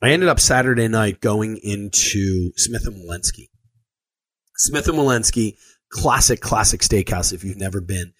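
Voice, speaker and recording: A man telling a long personal story in a casual monologue, animated and acting out the quoted lines, with frequent fillers and restarts. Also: on the low side, normal speed, husky. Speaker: storyteller recounting a trip.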